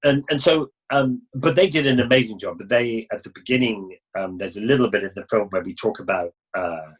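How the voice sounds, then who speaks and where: A man's voice: lowish voice, a little fast, husky, poor audio. A middle-aged man, an interview guest, telling travel stories in a rambling way, full of restarts and acted-out exchanges. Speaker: interview guest, motorcycle adventurer. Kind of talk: casual interview storytelling.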